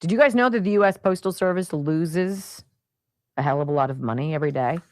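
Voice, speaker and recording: A woman's voice: sits low, a little fast, a little mellow, no room sound, studio quality. A woman hosting a radio talk show, ranting with sarcastic exasperation. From Pennsylvania, United States.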